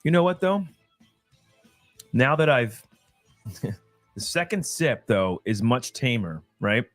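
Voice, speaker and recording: A man's voice: mid-range voice, slow, no room sound, soft background music. A man hosting a live whiskey tasting show, chatting casually and laughing often. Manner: jokey, laughs often, excitable. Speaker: show host.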